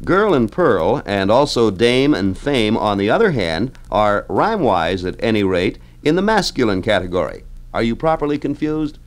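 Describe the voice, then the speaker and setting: A man's voice: fairly low pitch, sing-song, normal speed, few pauses. A middle-aged man hosting a scripted radio trivia segment in a studio, with a breezy, folksy, chatty delivery and little asides.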